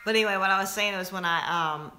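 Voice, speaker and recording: A woman's voice: mid-range voice, quick pace, sharp tone. A woman co-hosting a casual live stream, earnest and patient as she explains things. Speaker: podcast co-host.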